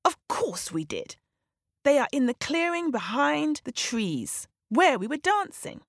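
Storybook zebra: huffy, indignant female, lively pitch, put on by a woman storyteller. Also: unhurried, no room sound, clean studio sound, heavily acted. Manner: huffy, scowling.

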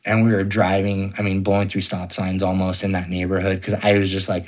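A man's voice: low-pitched, completely flat delivery, fairly quick, few pauses. A young man telling a personal ghost story in an interview, rambling casually with lots of fillers. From California.

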